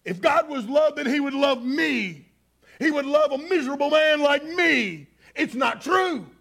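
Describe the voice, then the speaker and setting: A man voicing a bitter, despairing drunk man who shouts in anger. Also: very high-pitched, animated, unhurried, gravelly, pitched above the performer's own voice, heavily acted. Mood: angry, shouting.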